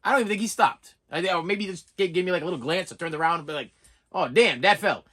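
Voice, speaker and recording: A man's voice: high voice, racing, a bit bright. A man in his forties telling a self-mocking story in a casual vlog, stammering and often saying "listen". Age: 40s. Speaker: vlogger.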